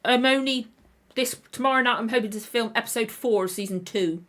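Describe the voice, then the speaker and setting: A tired woman with a slightly tender throat rambles through a casual livestream chat for her reaction channel, often correcting herself. She speaks a little fast, with a high-leaning, somewhat bright voice.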